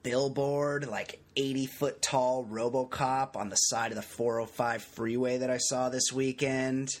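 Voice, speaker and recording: A man's voice: mid-range voice, fairly even intonation, a little slow. A man hosting a casual podcast, joking and rambling in loose banter. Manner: jokey, rambling, self-mocking. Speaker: podcast host.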